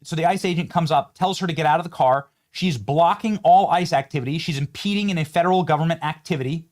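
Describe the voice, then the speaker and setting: A man's voice: on the high side, fast talker. Impassioned male political commentator. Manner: impassioned, emphatic, moralizing. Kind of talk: opinionated commentary over video clips.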